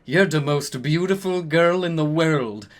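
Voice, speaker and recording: A man's voice: fairly high pitch, unhurried, natural voice. A man voicing an angsty, swooning teenage boy who swears as he declares his love.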